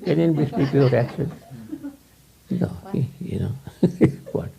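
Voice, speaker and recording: A man's voice: medium pitch, expressive, normal speed, vocal fry, a crowd in the background. A man giving a spiritual teacher's informal talk to students in English, his second language, rambling and repeating himself with frequent chuckles. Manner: rambling, repetitive, chuckles often.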